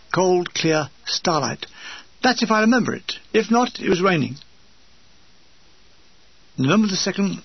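A man narrating his war memoir with dry, deadpan comic asides. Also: high voice, vocal fry, slightly rough. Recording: dull lo-fi dry recording.

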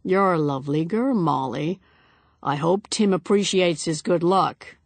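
A woman's voice: fairly low pitch, a little slow, no echo. A woman voicing a tipsy, overfamiliar middle-aged man who drawls jovially. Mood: leering.

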